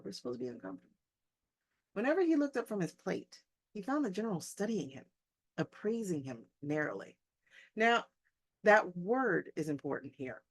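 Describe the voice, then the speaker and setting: A female English teacher with a deep voice reads a short story aloud, breaking off now and then for chatty, joking asides to her class.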